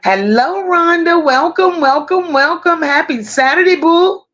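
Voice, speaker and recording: A woman with an extremely high, animated voice runs a casual livestream, greeting each viewer warmly and at length and reading their chat messages out loud. The recording sounds muffled.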